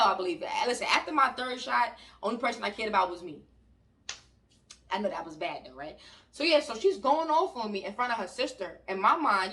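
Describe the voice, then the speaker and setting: A woman from New York with a New York accent, telling a story in an animated, loud and slangy way and talking to her viewers. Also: on the high side. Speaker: vlogger. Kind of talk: storytime vlog. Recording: voice a bit distant from the mic.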